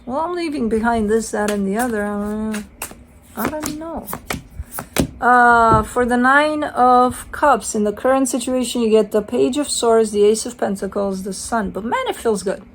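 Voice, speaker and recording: A woman's voice: on the high side, unhurried, slight background noise. A woman giving a casual tarot card reading, chatty and playful, swearing casually and acting out the listener's side. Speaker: tarot reader.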